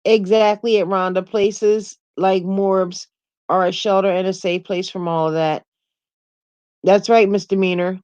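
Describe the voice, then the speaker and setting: A middle-aged woman hosting a casual livestream, chatting with viewers, laughing often and telling animated stories. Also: medium pitch, measured pace, smooth, no echo, dull audio. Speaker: YouTube livestream host. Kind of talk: casual livestream chat reading comments.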